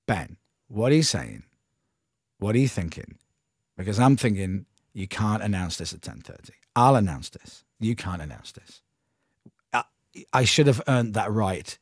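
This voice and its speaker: A man's voice: fairly low pitch, moderate pace, no room sound, clean studio sound. A man being interviewed, once a radio breakfast show host, telling a story in a casual way and acting out what people said. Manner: animated, acts out quoted dialogue. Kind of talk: conversational storytelling.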